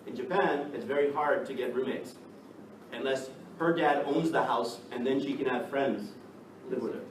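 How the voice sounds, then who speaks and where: A man from the United States teaching an English class, lively and checking in with the students by asking "right?" again and again. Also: mid-range voice, normal speed. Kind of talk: classroom lecture. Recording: echoey classroom from far off, noisy.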